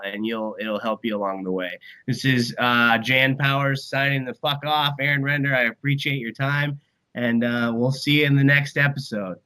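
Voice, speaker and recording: A man's voice: medium pitch, steady tone, moderate pace, pushed and bright, smooth, low-quality recording. A man who is a band and comedy manager, talking bluntly and profanely as a guest in a casual podcast interview, full of motivational rambling.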